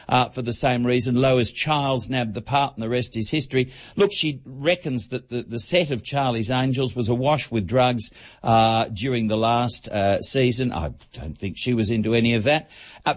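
A man giving an entertainment report on talk radio, talking quickly, with many fillers and restarts. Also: mid-range voice, breathy edge. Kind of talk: radio chat, book review. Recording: dull broadcast audio.

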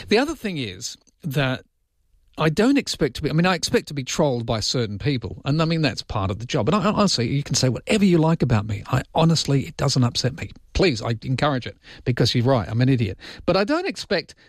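A man's voice: medium pitch, very animated, fairly quick, no room sound, studio quality. A man hosting a radio talk show, chatting casually and joking about himself. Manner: self-mocking, chatty, jokey. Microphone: studio mic.

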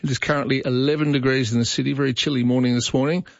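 A brisk, opinionated Australian man hosting talkback radio, reading messages and pushing back on callers. His voice comes across dry and a little dull, like a close studio mic with the top end rolled off. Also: mid-range voice, fairly even intonation, vocal fry, no echo. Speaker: radio host.

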